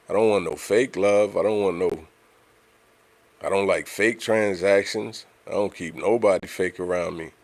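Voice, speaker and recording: Deep-voiced man talking casually on a livestream. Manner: conversational, repeats himself, frequent "you know what I'm saying". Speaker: livestream host.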